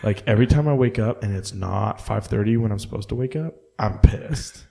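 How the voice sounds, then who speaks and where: A man's voice: on the low side, brisk, gravelly, mellow. A man co-hosting a podcast, telling profane, loose stories in casual chat and acting out quotes, close to the mic. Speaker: podcast co-host.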